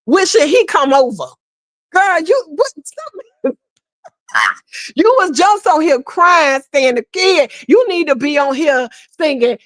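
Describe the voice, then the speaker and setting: A woman giving sassy, animated gossip commentary, talking straight to her audience and calling them "girl" and "honey". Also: high voice, takes it slowly, no echo, clean studio sound. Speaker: commentary host.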